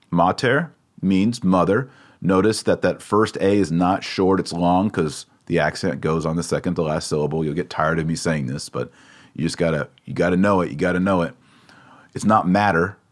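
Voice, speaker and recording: A man with a very low voice gives a relaxed, chatty lesson on a Latin prayer. He patiently drills pronunciation, saying words slowly and more than once. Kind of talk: casual spoken lesson.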